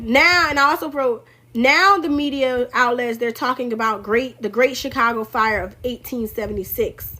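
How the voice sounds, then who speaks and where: A young woman giving casual political commentary on a livestream, in a sassy, emphatic, animated way. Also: a little high, moderate pace.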